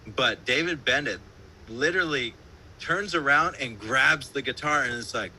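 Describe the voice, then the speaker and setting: Bright-voiced man telling casual band stories. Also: mid-range voice, moderate pace, slight background noise, rough recording. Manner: loose, profane storytelling with frequent laughs and fillers. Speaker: band musician, interview guest. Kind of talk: casual interview chat. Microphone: remote live-stream call.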